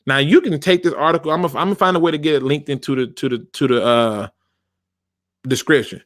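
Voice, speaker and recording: A man's voice: on the high side, quick pace, no echo, studio quality. A man hosting a football fan channel, talking in a casual commentary rant, emphatic and informal, repeating his phrases for effect.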